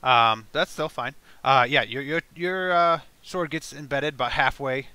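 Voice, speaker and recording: Man, game master, bright voice, smooth clear tone, casual halting narration. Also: medium pitch, no room sound.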